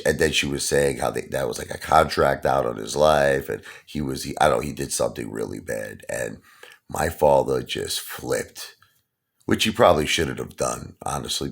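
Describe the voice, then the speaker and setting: A gravelly, very deep-voiced man from Brooklyn, New York, hosts a channel and tells stories in a casual monologue. He talks tough and keeps tacking on "you understand?" and "okay?"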